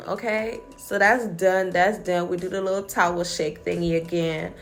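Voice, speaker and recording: A woman's voice: fairly low pitch, fairly even intonation, normal speed, few pauses, soft background music. Sassy chatty woman braider. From Virgin Islands. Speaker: hair braider and channel host. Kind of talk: hair tutorial voice-over.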